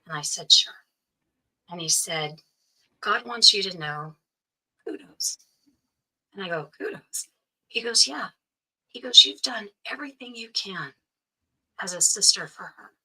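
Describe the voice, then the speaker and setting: Bright-voiced woman telling her story. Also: mid-range voice, lively intonation, unhurried, long pauses, husky, poor audio. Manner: earnest, quotes others' speech as she tells it. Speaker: interview guest. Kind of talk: personal storytelling.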